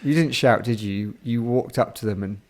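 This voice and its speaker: A man's voice: mid-range voice, a little fast. A man co-hosting a podcast, playful and giggly in casual chat. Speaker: podcast co-host.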